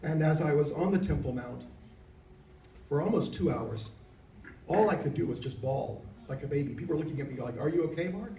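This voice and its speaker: Middle-aged male reverend, earnest testimony speaker, slightly high voice, roomy distant banquet-hall sound. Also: fairly quick, dark tone, a little hiss or hum. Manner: earnest, heartfelt storytelling. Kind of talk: personal testimony speech at a dinner. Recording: echoey hall, mic far off.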